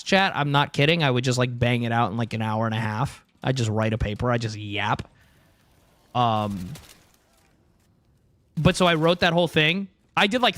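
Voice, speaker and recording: A man's voice: fairly high pitch, fairly bright tone, no room sound. A young man streaming live who rambles casually, swears freely and keeps saying "dude" and "bro". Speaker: livestreamer.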